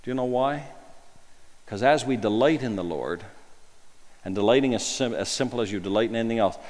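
A man's voice: mid-range voice, brisk. Man preaching in a reverberant hall. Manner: conversational, full of rhetorical questions, swings between emphatic and hushed. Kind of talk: sermon.

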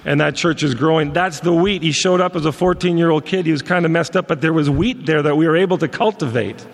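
A man's voice: fairly high pitch, fast. A man from Montreal, a ministry leader, telling stories in a folksy sermon talk. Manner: folksy anecdotal storyteller. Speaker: ministry leader and guest speaker. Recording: long reverb of a large hall.

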